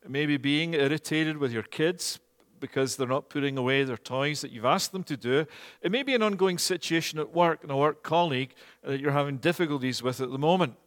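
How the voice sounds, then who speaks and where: Earnest preacher in a reverberant hall. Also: male voice, on the high side, a bit bright. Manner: measured and earnest, with frequent "eh" fillers. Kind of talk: sermon. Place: church, also streamed online.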